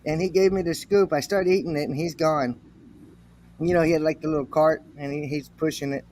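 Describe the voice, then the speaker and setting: An American man chatting casually, telling a story and acting out quotes in an animated way. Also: a little high, a little fast, a little hiss or hum. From United States. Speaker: livestream guest. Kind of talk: casual chat.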